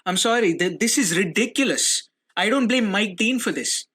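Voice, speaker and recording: A young man with a bright, slightly high voice hosts his own football fan podcast alone. He rants hard, swears and repeats phrases when he gets worked up. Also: animated, moderate pace, breathy edge. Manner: ranting, swearing, repeats himself when angry. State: furious. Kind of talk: solo football reaction podcast.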